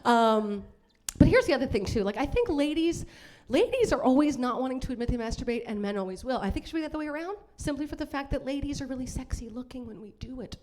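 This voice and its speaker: A woman's voice: high voice, lively intonation, fast talker, hardly any pauses, a little mellow. A woman performing a bawdy live stand-up set in a comedy club, brash and laughing at her own jokes.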